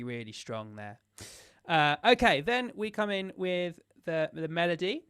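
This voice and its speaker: A man's voice: fairly high pitch, very animated, measured pace, fairly bright tone, clean tone, no room sound, clean studio sound. A man leading a choir sectional rehearsal as music director. He explains the parts step by step and counts in the beats.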